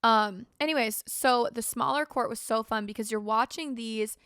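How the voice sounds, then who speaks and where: Sounding tired, yawning and nursing a sore throat, a young woman rambles through her casual solo podcast with frequent "like"s and "um"s. Her voice is a little high, a bit bright and smooth, at a moderate pace. It's studio-quality audio with no room sound.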